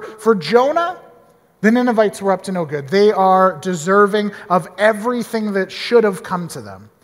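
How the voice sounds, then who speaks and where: A man reading scripture and explaining it in an animated, conversational way. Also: sits high, long reverb tail. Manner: animated, conversational, with small restarts. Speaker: Bible teacher. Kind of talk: Bible reading and teaching.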